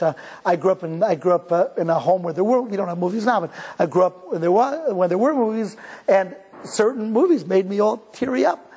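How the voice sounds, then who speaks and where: Husky rabbi in a reverberant hall. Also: male voice, sits high, a little mellow. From Cleveland, Ohio, US. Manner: conversational storytelling, restarts sentences, chuckles with the crowd. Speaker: rabbi giving a talk. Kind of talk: live talk to an audience.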